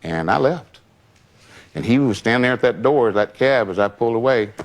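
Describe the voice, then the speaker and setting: A man's voice: mid-range voice, animated, normal speed. An older man telling a personal story in a rambling, casual way, with many asides. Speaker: longtime associate recounting memories.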